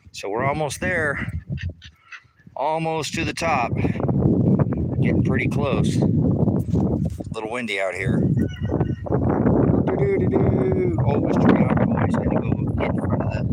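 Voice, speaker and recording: Low-voiced man rambling outdoors in wind. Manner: rambling, talks to his dogs and hens in a coaxing voice. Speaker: livestream host. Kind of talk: casual livestream chat. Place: outdoors in a yard, windy. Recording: loud wind and outdoor noise.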